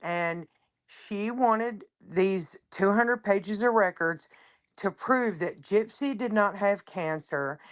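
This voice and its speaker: A woman calling in to a livestream, talking quick, urgent and emphatic. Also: mid-range voice, smooth. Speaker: caller. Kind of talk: call-in on a livestream.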